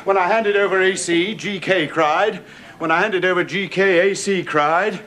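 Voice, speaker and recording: A man's voice: high voice, fairly even intonation, normal speed, pushed and bright. An English actor playing a fussy, chatty male writer in a 1970s sitcom, in a noisy old TV broadcast. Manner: fussy and self-amused. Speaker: sitcom lead.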